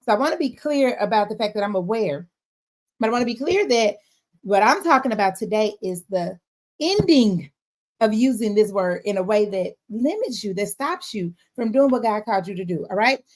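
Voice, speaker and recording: A woman giving a casual faith-based motivational talk, expressive and often checking in with her listeners. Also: mid-range voice, normal speed. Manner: expressive, frequent "all right?" check-ins.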